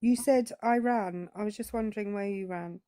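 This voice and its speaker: A woman's voice: mid-range voice, moderate pace, mellow, no echo. A British woman calling in to a political debate show, asking pointed questions and arguing her case. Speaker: caller.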